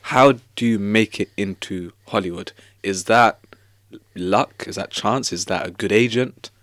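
A man's voice: lowish voice, unhurried, fairly bright tone, dry recording, clean studio sound. A man hosting a casual interview, asking curious questions and often repeating his words as he starts a sentence. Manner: inquisitive, stammering repeats. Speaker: podcast host.

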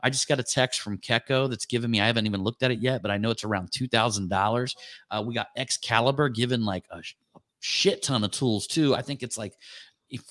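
Brief: male host, eager rambling talker, average pitch, casual chat. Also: no echo, clean studio sound. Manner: excited, rambling, lists names rapidly. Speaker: podcast host.

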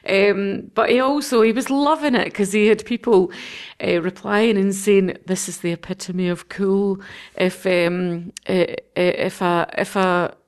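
A woman's voice: medium pitch, fairly even intonation, unhurried, smooth. A Scottish woman hosting a podcast, chatting casually and animatedly about politics with frequent laughs. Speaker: podcast host.

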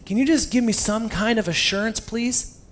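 A man's voice: high voice, normal speed, fairly bright tone, a little hiss or hum, pitched above the performer's own voice. A preacher voicing a remorseful man pleading. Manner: pleading, hesitant.

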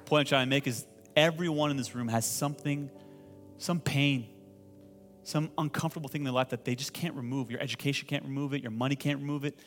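A man preaching a sermon as pastor to a congregation, asking them to repeat phrases and building to loud, impassioned pleading. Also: mid-range voice, fairly even intonation, fast, faint music behind. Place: church hall with congregation.

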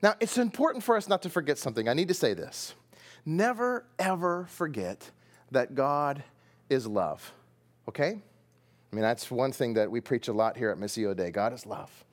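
A man's voice: mid-range voice, moderate pace. A middle-aged man from Texas with a Texan accent, preaching a sermon as pastor and acting out the story as he tells it. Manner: animated storyteller, acting out voices and sound effects.

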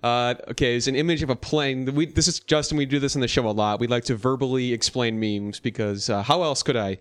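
A man's voice: medium pitch, a little fast, clean tone, no echo, clean studio sound. A man hosting a casual podcast, joking and steering the talk between topics. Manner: jokey, steers the topics, laughs often. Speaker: podcast host. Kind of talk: casual chat.

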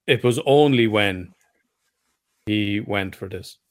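A man's voice: lowish voice, takes it slowly. A man interviewing a guest in a casual chat, weighing his words as he speaks.

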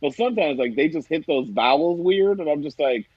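A man from Ohio co-hosting a casual chat, animated and quick to laugh, with mock-indignant asides. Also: on the high side, breathy edge, no echo, highs cut off. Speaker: podcast co-host.

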